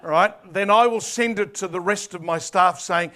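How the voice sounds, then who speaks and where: A man's voice: sits high, moderate pace, pushed and bright. An Australian man giving a casual, joking presentation to a conference audience. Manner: chatty and playful, with asides. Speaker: conference speaker.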